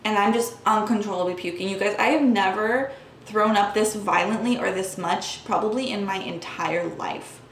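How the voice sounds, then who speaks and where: A woman's voice: medium pitch, normal speed. A woman vlogger earnestly telling her personal story to the camera, speaking casually with lots of "like" fillers. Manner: earnest, talks with frequent "like" fillers. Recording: echoey room with faint background hum.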